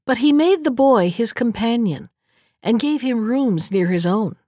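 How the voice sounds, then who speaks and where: A woman narrating a fairy tale audiobook in a steady, measured storytelling manner. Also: a little high, dry recording, clean studio sound.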